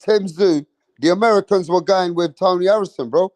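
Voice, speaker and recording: A cocky man runs a casual boxing live stream, swearing freely and calling out his viewers. His voice sits a little high for a man. The sound is close and dry with no room echo. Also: brisk, darkish tone. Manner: boastful, brash and profane, addressing the chat. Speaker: boxing channel host.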